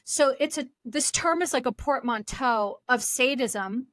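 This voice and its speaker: A woman's voice: high voice, measured pace, fairly bright tone, no echo. A woman hosting her own podcast as a therapist, explaining things in a casual, chatty way with fillers. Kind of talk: solo podcast talk.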